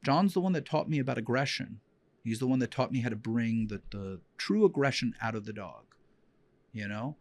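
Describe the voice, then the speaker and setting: A man's voice: mid-range voice, expressive, fairly quick, dry recording. A man hosting a podcast as a dog trainer, telling personal stories in a heartfelt, rambling way with many fillers and restarts. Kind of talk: emotional personal storytelling.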